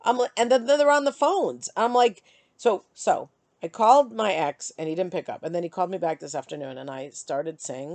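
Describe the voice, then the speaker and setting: A middle-aged woman vlogging, chatty and animated as she tells and vents about her day. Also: lowish voice, fairly quick, dry recording. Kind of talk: casual storytelling to camera.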